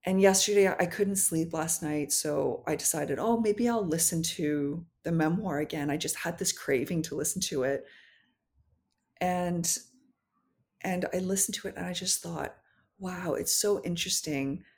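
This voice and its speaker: A woman speaking as a podcast guest, in a low voice. She talks in a reflective, candid way and sometimes restarts as she hunts for the right words. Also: a little slow, a little mellow. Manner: thoughtful, candid, searching for words. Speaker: podcast guest, memoir author. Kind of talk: reflective conversational interview.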